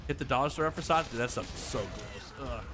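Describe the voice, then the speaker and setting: Speaking at a normal speed in a mid-range voice, this man chats casually with viewers while streaming a game. He's playful, laughs a lot, and reads their messages out loud, with game music in the background.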